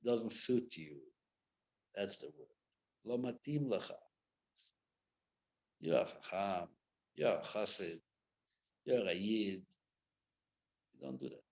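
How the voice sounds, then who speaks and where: A man teaching a live Torah class as a rabbi, mixing Hebrew and Yiddish terms into English and swinging from loud acted rebukes to quiet asides. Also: fairly low pitch, lively intonation, slow pace, gravelly, pauses often. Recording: dull lo-fi classroom recording.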